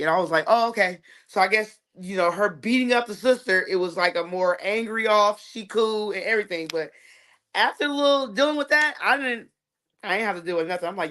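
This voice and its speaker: A woman speaking on a livestream over a video call, telling family stories with great liveliness. She acts out every line of dialogue, sometimes almost whispering, sometimes shouting with laughter. Her voice stays in an ordinary middle register. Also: mid-range voice, a little fast. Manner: animated storyteller, acts out dialogue with big swings in loudness. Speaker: guest, mother of the four girls. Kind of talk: casual livestream chat.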